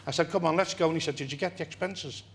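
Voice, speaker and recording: An older man from England, a talk-show guest telling a long story in an animated way and laughing through it. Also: a little high, quick pace, heavy background noise. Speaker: interview guest. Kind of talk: anecdotal storytelling.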